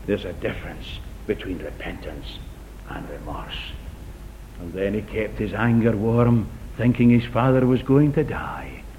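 A middle-aged man preaching a sermon in a church hall, earnest and dramatic, swinging from loud appeals to hushed near-whispers and repeating key phrases for emphasis. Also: measured pace. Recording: echoey, dull recording with low rumble.

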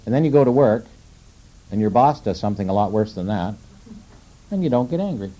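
A man preaching a sermon in a conversational way, asking his listeners questions and slowing down to quote scripture. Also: fairly low pitch, expressive, mellow, rough recording. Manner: conversational, asks the audience questions.

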